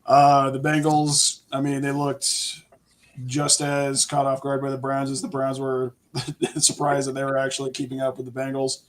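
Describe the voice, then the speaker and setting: A man in a casual sports chat with a flat, plain delivery. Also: medium pitch, moderate pace, a little hiss or hum, low-quality recording.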